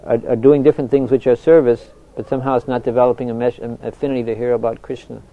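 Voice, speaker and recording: A soft-spoken older man, a spiritual teacher telling anecdotes in a reflective talk, often restarting his sentences. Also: medium pitch, little pitch movement, quick pace. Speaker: spiritual teacher answering questions. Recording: dull lo-fi recording.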